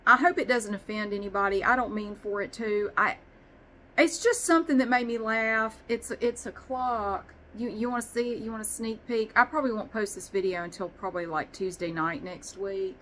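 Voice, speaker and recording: Bright-voiced rambling woman vlogger. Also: medium pitch, normal speed, a little hiss or hum, rough recording. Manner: rambling, swears casually, self-deprecating. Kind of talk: casual chat.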